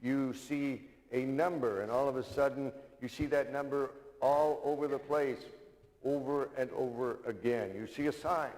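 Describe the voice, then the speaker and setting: A man's voice: mid-range voice, a little mellow, in a large hall, low-quality recording. A man giving an earnest, uplifting sermon as minister. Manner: tells a joke with put-on Irish voices. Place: church sanctuary.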